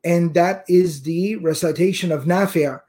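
A man teaching a religious lesson in a slightly raised voice. He explains patiently, repeating key terms slowly for emphasis. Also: high voice, warm tone. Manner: recites Quranic verses in Arabic. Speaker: Islamic teacher. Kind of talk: religious lecture.

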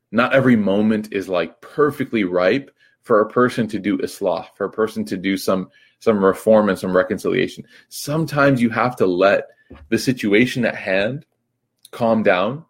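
Man, husky voice, low pitch, casual spoken religious reflection, easygoing with restarts. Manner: casual, with frequent fillers and restarts. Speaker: Islamic teacher.

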